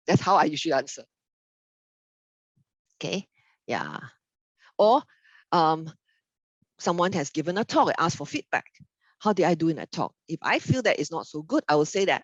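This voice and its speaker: Lively woman giving a dharma talk. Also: deep voice, moderate pace, pauses often, no room sound, dull audio. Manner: animated, acts out little quoted exchanges, frequent tag questions. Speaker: Buddhist dharma speaker.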